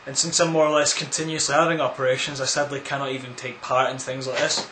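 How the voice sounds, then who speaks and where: A man's voice: mid-range voice, flat delivery, quick pace, bright, forceful tone, slight background noise. A man answering viewer questions in a casual, rambling vlog, full of crude, absurd jokes. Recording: echoey room.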